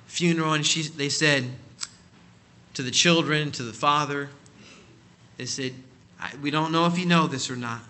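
A male preacher tells a story in a dramatic sermon, dropping to a hush and then rising to loud peaks. His voice sits slightly high, with a very sharp, bright, tense edge. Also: a little hiss or hum. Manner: dramatic, swinging from hushed to loud.

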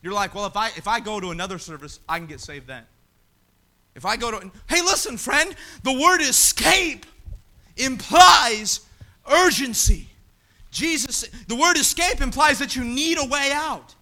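Guy preaching in church, really high voice, super bright, shouts then goes quiet. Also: fairly quick. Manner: animated, swings between shouting and quiet asides. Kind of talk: sermon. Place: church sanctuary.

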